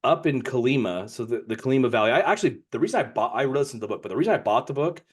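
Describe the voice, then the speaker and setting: A man's voice: medium pitch, lively intonation, very fast, husky. Rambling male podcast co-host. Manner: rambling, repeats words, reads passages aloud. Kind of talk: casual book discussion.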